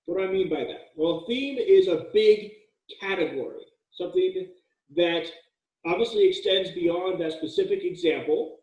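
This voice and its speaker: Brief: a relaxed male writing instructor, slightly high voice, casual and jokey, heard at a distance. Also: normal speed, highs cut off. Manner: casual, joking, with frequent fillers and restarts. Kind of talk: recorded lecture. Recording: echoey room, mic at a distance.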